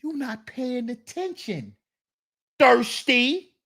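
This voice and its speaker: A woman with a high, slightly bright voice and lively intonation speaks at a slow pace. She hosts a reaction commentary channel, scolding and mocking her viewers and repeating lines for emphasis. She slips into mock voices of the men she criticizes.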